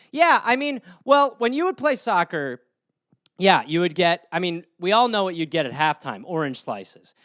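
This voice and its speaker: A man's voice: high voice, big pitch swings, moderate pace, a bit bright, no room sound. Man riffing jokes into a close mic. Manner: rambling, self-mocking jokes. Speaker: podcast host. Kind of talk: solo comedy podcast riffing.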